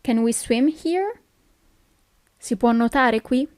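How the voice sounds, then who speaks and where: An Italian-accented woman giving a recorded language lesson, her voice sitting fairly high. She talks slowly and patiently, pausing to check that the listener follows, and the sound is dry and close with no room around it. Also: expressive, no room sound. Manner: patient explaining, often checks with "okay?". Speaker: language teacher.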